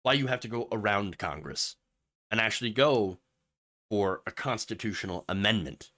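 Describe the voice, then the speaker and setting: Animated, bright-voiced male political host. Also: on the low side, moderate pace. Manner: impassioned, ranting, with sarcastic mock quotes; rambling asides with fillers, reads chat messages. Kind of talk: livestream political commentary.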